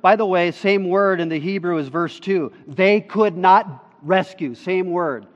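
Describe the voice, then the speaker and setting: A male pastor delivers a sermon in a slow, deliberate way, leaning hard on key words before sinking into hushed, drawn-out phrases. His voice sits a little high for a man. The sound is muffled and dull, with a long reverb trailing through a large hall. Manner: emphatic, rising to loud stresses then dropping low and slow.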